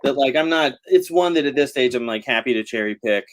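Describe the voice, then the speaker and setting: A man's voice: mid-range voice, lively intonation, quick pace. A man, a novelist chatting over a video call, rambling and laughing often between fillers. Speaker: novelist guest. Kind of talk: casual video-call chat.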